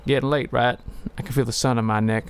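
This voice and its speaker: Folksy old station owner, sentimental and slow-spoken, read by a man in a gravelly voice. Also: medium pitch, steady tone, lightly acted.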